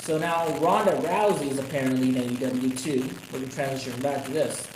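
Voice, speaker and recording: Profane, excitable man ranting in an echoey room. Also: medium pitch, fairly quick. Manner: profane, rambling, excitable outbursts. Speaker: wrestling commentary streamer. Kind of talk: casual live stream rant. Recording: echoey room with noisy background.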